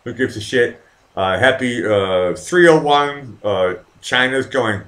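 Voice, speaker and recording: A man speaks slowly in a medium-pitched, fairly bright voice as he hosts his own live online stream. Drinking throughout, he chats casually with viewers, rambling and swearing a lot as he responds to the chat.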